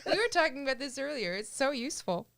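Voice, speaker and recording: A woman's voice: high voice, sing-song, quick pace, gravelly, fairly bright tone. A woman from Maine co-hosting a casual live-stream chat, chatty and giggly. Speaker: co-host.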